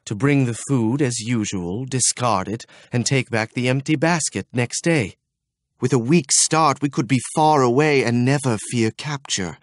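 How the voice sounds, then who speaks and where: A man's voice: medium pitch, a little slow, no room sound, clean studio sound, lightly acted. A man voicing a hopeful, eager young man in an audiobook, speaking with reassuring energy.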